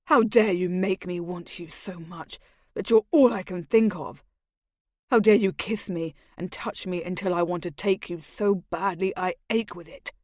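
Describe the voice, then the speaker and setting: A woman's voice: lowish voice, a little slow, darkish tone, dry recording, studio quality. A woman voicing a brooding, crude and bitter masked nobleman in an audiobook, speaking in a curt, sneering and passionate way. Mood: heated. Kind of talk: audiobook character voice.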